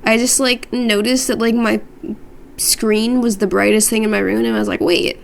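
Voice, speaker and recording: A woman's voice: fairly high pitch, little pitch movement, moderate pace, creaky. A woman streamer chatting casually with her viewers from her room, rambling and playful, often joking at her own expense. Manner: rambling, playful, self-deprecating.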